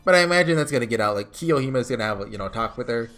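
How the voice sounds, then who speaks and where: A man's voice: medium pitch, lively intonation, rapid-fire, a bit bright, faint music behind. A man giving chatty let's-play commentary, thinking aloud as he plays. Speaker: gamer.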